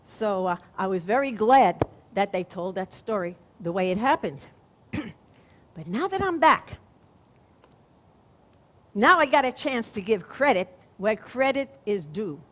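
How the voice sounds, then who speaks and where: An actress playing a chatty, wisecracking stage comedienne with a Brooklyn accent, in a one-woman stage monologue. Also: mid-range voice. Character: Fanny Brice, wisecracking female stage comedienne. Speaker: stage performer. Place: theater stage.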